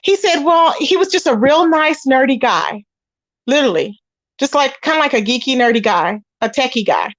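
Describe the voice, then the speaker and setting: Host, woman, high voice, dry close sound, animated gossip storyteller. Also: moderate pace, dry recording. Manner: animated storytelling, acts out quoted voices, talks straight to viewers. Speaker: commentary channel host. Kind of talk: casual gossip commentary.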